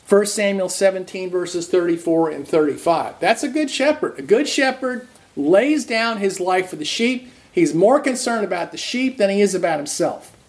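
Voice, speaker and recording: A man preaching an earnest sermon, restarting phrases and slowing to stress key words. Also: high voice, animated. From raised Roman Catholic.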